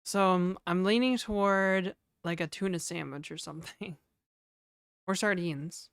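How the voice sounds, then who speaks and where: A woman's voice: fairly low pitch, measured pace, clean tone, no room sound, studio quality. A woman from New Brunswick, chatting casually and rambling on a livestream, joking and laughing often. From New Brunswick, Canada.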